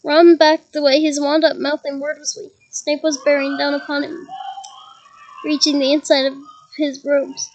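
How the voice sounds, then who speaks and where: A woman reading a novel aloud in a lively way, with chuckles and side comments to listeners. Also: sits high, normal speed, a little hiss or hum, rough recording. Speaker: reader.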